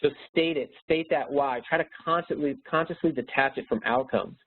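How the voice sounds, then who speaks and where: A man's voice: on the high side, brisk, slightly rough. A man giving a motivational webinar presentation as a speaker and educator, earnest and upbeat. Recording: tinny phone-like webinar audio.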